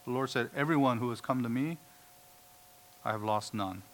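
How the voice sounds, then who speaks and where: A man's voice: medium pitch, normal speed. A man preaching a sermon, emphatic, quoting scripture and acting out the voices of doubters. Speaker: pastor.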